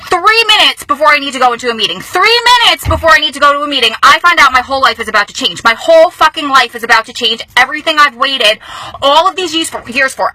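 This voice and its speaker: A woman vlogging from a car, telling news in a casual, emotional and excited way, often speeding up. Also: high voice, no echo, poor audio. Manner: excited, emotional, talks fast in bursts. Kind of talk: casual vlog storytelling. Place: inside a car.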